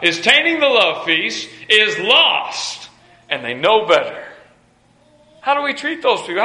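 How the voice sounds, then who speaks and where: An emphatic male preacher drives his sermon with repeated phrases and stammering restarts. His voice is bright and pitched high for a man, and it rings through a roomy, echoey space.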